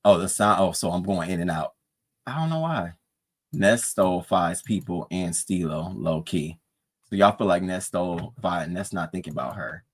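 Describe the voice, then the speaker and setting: A man streamer chatting casually over breakfast, telling gossip with swearing and a voice that climbs high when he gets worked up. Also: normal speed, husky. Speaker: streamer recapping live streams.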